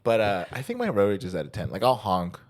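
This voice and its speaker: Low-voiced young man, animated storyteller. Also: fast. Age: young adult. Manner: animated storyteller, acts out quotes, swears freely. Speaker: podcast co-host. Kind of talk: casual chat.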